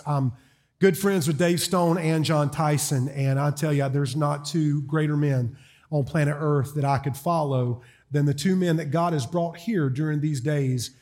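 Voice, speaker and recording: A middle-aged man from South Carolina with a Southern accent, preaching a sermon as a guest in a church and telling folksy, joking stories. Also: a little high. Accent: Southern American. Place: church auditorium.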